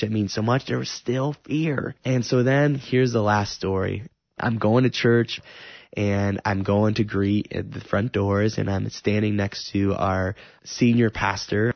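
A man's voice: fairly low pitch, vocal fry, no echo, muffled recording. A man sharing an earnest, emotional personal testimony about faith and love.

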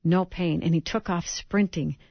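A woman's voice: fairly low pitch, moderate pace, vocal fry, no echo, dull audio. A middle-aged woman telling a personal faith testimony, vividly acting out the quotes. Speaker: speaker giving a testimony.

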